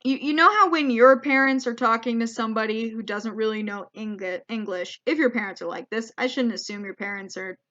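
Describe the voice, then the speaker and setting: Bright, self-deprecating comedian woman. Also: a little high, fairly quick, hardly any pauses, dull audio. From United States. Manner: rambling and self-deprecating, with many restarts. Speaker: comedian vlogger. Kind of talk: comedic storytelling monologue.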